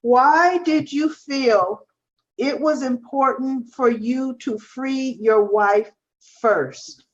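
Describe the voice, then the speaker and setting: A woman in her fifties co-hosting a live stream, asking her guest questions in a measured way. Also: high voice, lo-fi sound. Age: 50s. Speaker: co-host. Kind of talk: interview chat.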